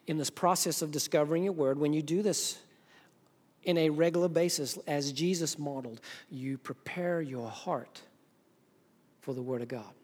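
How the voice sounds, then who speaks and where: A man preaching a sermon, moving between emphatic urging and hushed, intimate softness. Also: a little high, normal speed. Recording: long hall reverb.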